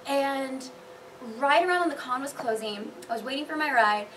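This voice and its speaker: A woman cosplayer on a convention panel, chatting casually and telling animated stories with lots of laughter. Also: sits high, normal speed, recorded from a distance, slight background noise. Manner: bubbly, laughs often, animated storytelling.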